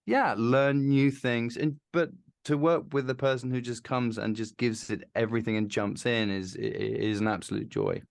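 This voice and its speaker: A man talking as an actor and co-creator in an interview, earnest and halting, often restarting his sentences. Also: mid-range voice, steady tone, creaky. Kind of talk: casual interview chat.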